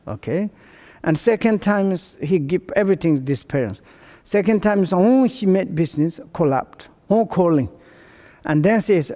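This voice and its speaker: A man giving a Buddhist teaching in halting non-native English, with many fillers and restarts, acting out family quarrels in quoted voices. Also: high voice, expressive, warm tone, in a large hall. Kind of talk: dharma teaching seminar.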